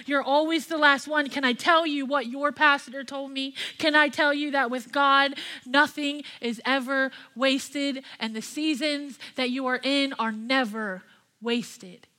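A woman's voice: sits high, fairly even intonation, measured pace, pushed and bright. A young woman pastor and worship leader giving an impassioned, candid sermon with personal testimony.

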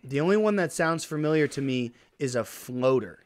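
A man with a slightly higher voice, co-hosting a relaxed trivia game with a friend. He teases and laughs often, keeping the banter loose and casual. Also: moderate pace. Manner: teasing, playful, laughs often. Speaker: co-host.

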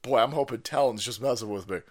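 A man hosting a livestream, ranting in a foul-mouthed, animated way and laughing often. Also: medium pitch, fast. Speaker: livestream host.

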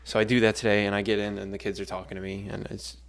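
A young man and schoolteacher co-hosting a podcast, telling a story with lively acted-out quotes. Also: fairly low pitch, fast talker. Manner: animated storyteller, acts out quotes loudly. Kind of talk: casual storytelling chat.

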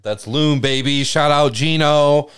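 A man's voice: on the high side, unhurried, fairly bright tone, clear, resonant tone. A man co-hosting a casual podcast chat, talking bluntly and emphatically with heavy swearing.

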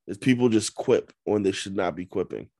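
A man's voice: on the low side, moderate pace, warm tone, slightly rough, no echo. A man co-hosting a podcast, chatting casually with a skeptical, teasing edge. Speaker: podcast co-host. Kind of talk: casual chat.

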